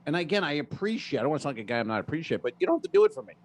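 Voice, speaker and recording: A man with a Rhode Island accent, a comedian co-hosting a podcast, telling a rambling story in deadpan complaints with lots of fillers. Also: a little high, racing. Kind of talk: casual comedy podcast chat.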